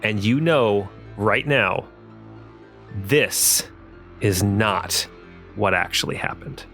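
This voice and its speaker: A man's voice: lowish voice, slow pace, a bit bright, soft background music. A man hosting and game-mastering a tabletop fantasy game, narrating scenes with frequent fillers. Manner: fillers and restarts, descriptive narration.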